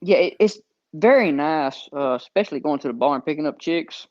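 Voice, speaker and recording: A man's voice: a little high, lively intonation, no echo. Drawling Southern man, dry dull sound. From American South. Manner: slow storytelling with frequent fillers. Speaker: podcast host. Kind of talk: casual chat.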